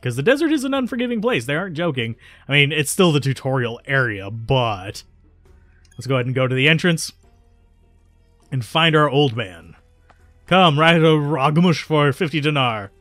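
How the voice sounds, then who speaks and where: A man's voice: medium pitch, big pitch swings, moderate pace, fairly bright tone, no room sound. Chatty man commenting on a game. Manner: chatty, self-correcting. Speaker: let's play host. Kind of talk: casual gameplay commentary. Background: faint game music.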